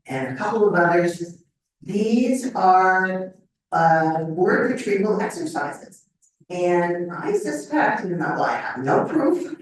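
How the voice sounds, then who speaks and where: In a lecture room, an older woman with a fairly low voice gives a talk on memory to a live audience, staying conversational and often asking "okay?" to check in. The mic is some distance away, so a strong hall echo surrounds her, along with a little hiss or hum.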